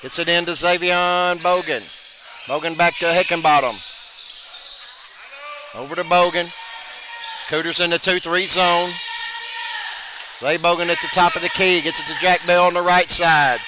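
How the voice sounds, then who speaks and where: A man calling a high school basketball game play-by-play, running through passes quickly and rising on made shots. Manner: rapid calls, bursts of excitement on made shots. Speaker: play-by-play announcer. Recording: noisy gym ambience behind voice.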